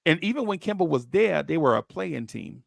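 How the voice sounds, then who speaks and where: A man hosting a basketball podcast, telling stories in slangy, excitable chat and jumping into high voices when he quotes people. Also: normal speed, creaky, no echo, clean studio sound. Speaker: podcast host. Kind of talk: animated storytelling chat.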